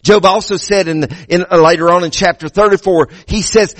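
A man's voice: sits high, fairly even intonation, brisk, few pauses, dry recording. A male pastor preaching a sermon in a church, emphatic, repeating words as he restarts and building to raised peaks.

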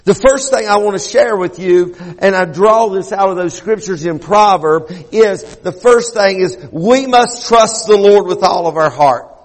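A man's voice: high voice, unhurried, hardly any pauses, big-room sound. A man preaching a sermon, earnest and often repeating himself as he builds a point. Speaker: pastor.

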